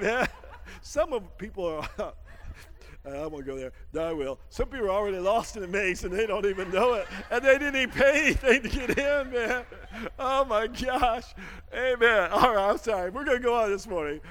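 A man preaching a lively sermon, laughing often and swinging from shouts down to hushed asides, with a folksy habit of saying "man.". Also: very high voice, moderate pace, big-room sound. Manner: folksy, calls everyone "man". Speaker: pastor.

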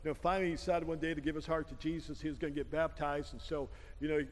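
A male pastor preaching a sermon, telling stories with a laugh and building to a loud prayer. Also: fairly high pitch, fairly even intonation, fast talker, long reverb tail. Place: church sanctuary.

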